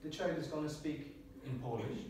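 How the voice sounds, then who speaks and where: A man's voice: fairly high pitch, moderate pace, darkish tone, slight background noise. An Irish man giving a prepared humorous speech at a speaking club, joking and self-deprecating, often chuckling at his own lines. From Ireland. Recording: very echoey room, distant mic.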